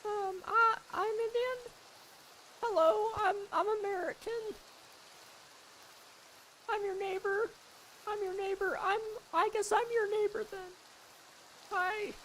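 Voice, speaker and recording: A man doing a falsetto old lady. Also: steady tone, slow, long pauses, pushed and bright, slight background noise, exaggerated voice, low-quality recording. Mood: chatty. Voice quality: high falsetto. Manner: chatty, apologetic, answers chat as he goes. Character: sweet, sour old lady. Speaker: streamer. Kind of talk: live stream chat.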